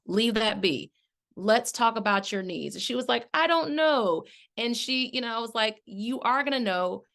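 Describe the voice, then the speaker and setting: A middle-aged woman, a life coach hosting her own podcast, telling a story with lively acted-out quotes and talking straight to her listeners as y'all. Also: medium pitch. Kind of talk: casual solo podcast talk.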